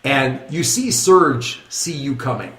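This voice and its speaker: A man running a tabletop game as game master, narrating action in a lively, rambling way that keeps correcting itself. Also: mid-range voice, slow pace, reverberant.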